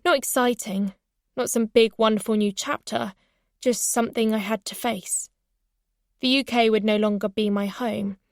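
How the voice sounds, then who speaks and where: A woman reading a first-person novel as an audiobook, in an even, reflective storytelling manner. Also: a little high, dry recording, studio quality. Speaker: audiobook narrator.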